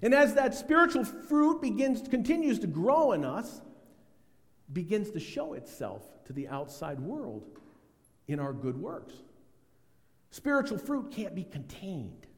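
Middle-aged male pastor, fairly high voice, lively storytelling sermon delivery, long hall reverb. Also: measured pace. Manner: animated storytelling, acts out quotes.

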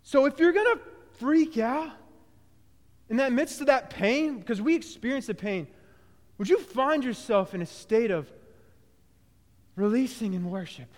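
A man preaching a sermon, animated, with loud bursts that drop to quiet low phrases and frequent restarts. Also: unhurried, long pauses, in a large hall. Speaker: pastor.

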